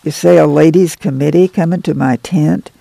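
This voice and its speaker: Storybook farm mother, practical and proud, gravelly drawl, read by a man. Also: on the high side, fairly even intonation, mellow, no echo. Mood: abashed. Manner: rural drawl, brisk commands. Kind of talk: audiobook reading.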